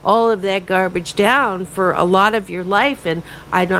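A woman hosting a morning radio talk show as a happiness coach, giving self-help advice in an animated way with quick asides, speaking from a studio. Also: medium pitch, slight background noise, rough recording.

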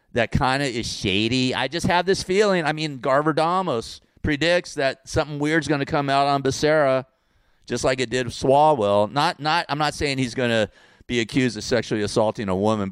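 In a political rant to camera, a California man with a Californian accent and a medium-pitched, clean voice rambles sarcastically, circling back over the same points and cracking himself up. The studio-quality recording has no room sound.

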